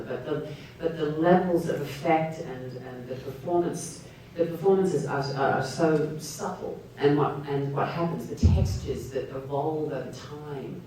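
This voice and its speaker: A woman's voice: rumbling low, dark tone. A woman answering questions as an actor on a Q&A panel, speaking thoughtfully and searching for her words. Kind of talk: Q&A panel discussion. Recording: echoey hall, distant mic, faint noise.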